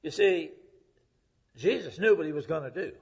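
A middle-aged male preacher delivering a sermon, rising to loud emphasis and dropping to hushed, whispered lines. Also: fairly high pitch, lively intonation, normal speed, husky. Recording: dull lo-fi recording.

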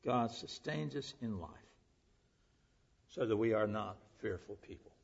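A husky man preaches to his congregation, earnest and emphatic, letting his voice swell and then fall almost to a hush. The recording is dull and lo-fi, with the top end muffled. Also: lowish voice, expressive, unhurried. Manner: earnest, emphatic, swings between loud and hushed. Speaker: pastor. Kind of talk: sermon. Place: church service.

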